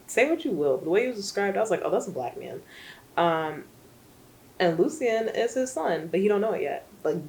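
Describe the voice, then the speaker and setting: A woman's voice: fairly low pitch, a little mellow, a little hiss or hum, rough recording. A young woman rambling through a casual book recap, full of fillers and asides. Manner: rambling, chatty, many fillers. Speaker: book vlogger.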